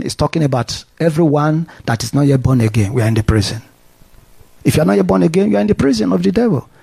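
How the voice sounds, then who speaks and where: A man's voice: high voice, vocal fry, husky. A man preaching a sermon, retelling a scripture story and calling on listeners to respond. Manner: animated preaching with call-and-response.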